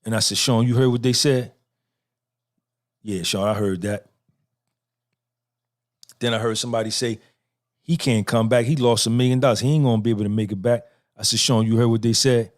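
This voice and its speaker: A man's voice: mid-range voice, steady tone, quick pace. A middle-aged man hosting a podcast, giving a profane, repetitive motivational monologue and talking back and forth with himself. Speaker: podcast host.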